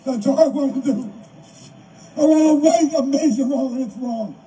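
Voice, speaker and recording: High-voiced older man at a rally. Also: moderate pace, warm tone. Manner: emotional, repetitive, raises voice. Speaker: rally speaker. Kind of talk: impassioned outdoor rally speech. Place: outdoor rally. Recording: distant mic, faint background noise.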